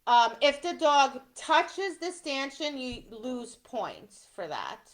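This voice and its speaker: A woman's voice: high voice, big pitch swings, slow pace. A middle-aged woman teaching dog obedience trial rules step by step, often checking in with "right?". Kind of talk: instructional talk.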